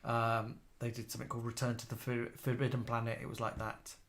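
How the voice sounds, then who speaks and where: A man's voice: mid-range voice, monotone, fast, fairly bright tone. A man from the UK co-hosting a live stream, chatting casually and reading out viewers' comments. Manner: chatty, gossipy storyteller.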